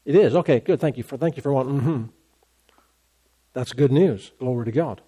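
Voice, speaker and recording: A man preaching a sermon as a pastor, animated, acting out complaining voices along the way. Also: mid-range voice, moderate pace, husky.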